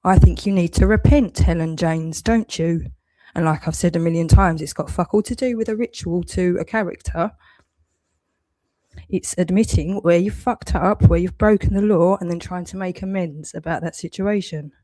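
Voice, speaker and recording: A woman's voice: on the low side, moderate pace, mellow. Swearing, angry woman ranting. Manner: heavy swearing, accusatory, rising anger. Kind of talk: angry monologue rant.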